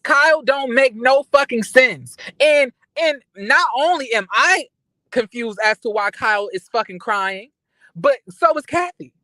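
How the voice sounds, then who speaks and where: A man giving casual recap commentary on reality TV, animated and outraged, ranting with lots of profanity and restarts. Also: very high voice, measured pace, no room sound, rough recording.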